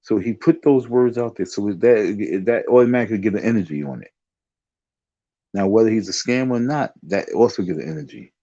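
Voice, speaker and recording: A man's voice: lowish voice, brisk, mellow, no room sound, lo-fi sound. A man telling a rambling story in a casual monologue, often restarting his sentences. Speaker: online talk show host.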